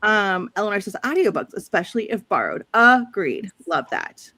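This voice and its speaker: A woman's voice: mid-range voice, sing-song, normal speed, pushed and bright, dry recording. A woman from St. Louis with a St. Louis accent, hosting a livestream, chatting casually and reading viewer comments aloud. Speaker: livestream host. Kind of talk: casual chat.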